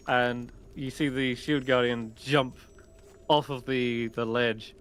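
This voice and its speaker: A man narrating a tabletop game as game master, lively and quick to laugh. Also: medium pitch, clean tone.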